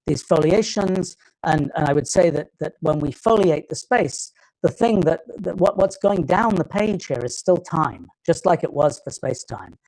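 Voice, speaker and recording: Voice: mid-range voice, a little mellow, poor audio. A lecturer with a British accent giving a live technical talk, often stopping and restarting phrases while thinking aloud.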